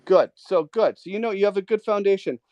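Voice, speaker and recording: A man's voice: high voice, brisk, darkish tone, no echo. A man hosting a live trading Q&A, talking casually and coaching callers with emphatic, repeated points. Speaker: host of a trading Q&A. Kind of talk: casual mentoring talk.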